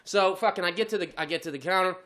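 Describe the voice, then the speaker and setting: A podcast co-host with a high voice talks fast, spinning a long story in casual chat. He swears often and is animated, acting out the voices of the other people in his tale.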